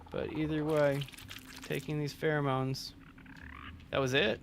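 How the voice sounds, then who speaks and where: This young Southern California streamer's voice is a little high with little pitch movement, unhurried and broken by long pauses. He rambles through casual gameplay chat with live viewers, using lots of fillers and restarts, over a slight hiss or hum.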